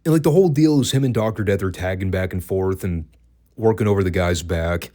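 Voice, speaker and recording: A man's voice: low-pitched, brisk, mellow. Profane, dry-witted man reviewing wrestling. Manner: dry, profane, laughs at his own jokes. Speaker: podcast host reviewing wrestling. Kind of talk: casual review podcast.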